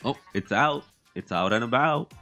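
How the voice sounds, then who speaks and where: A young man giving chatty, excitable let's-play commentary on a game, mocking himself as he goes. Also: mid-range voice, normal speed, faint music behind. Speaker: gaming commentator.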